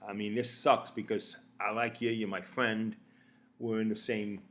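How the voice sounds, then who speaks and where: A man playing a male mob friend who calmly explains that he has to kill his buddy, in blunt, profane talk. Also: measured pace. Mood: grimly resolved. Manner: profane, blunt, low-key threatening. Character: menacing male mob friend, regretful but resolved.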